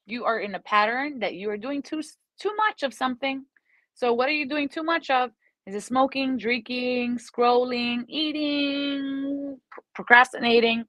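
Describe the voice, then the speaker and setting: Chatty higher-voiced woman reading tarot. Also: dry recording, low-quality recording. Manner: lively, chatty, animated. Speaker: psychic tarot reader. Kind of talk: live-streamed tarot reading.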